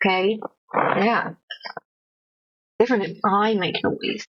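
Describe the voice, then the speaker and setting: A woman's voice: mid-range voice, unhurried, no room sound, muffled recording. A young woman streaming from home, chatting in a rambling, self-conscious, jokey way. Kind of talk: casual live-stream chat. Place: home room.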